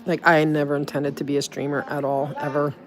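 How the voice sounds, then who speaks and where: A woman's voice: low-pitched, level tone, fairly quick, crowd noise. A woman with a New Jersey accent, livestreaming in a rambling, chatty way full of restarts, recorded on a handheld phone. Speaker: streamer. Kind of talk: casual livestream chat.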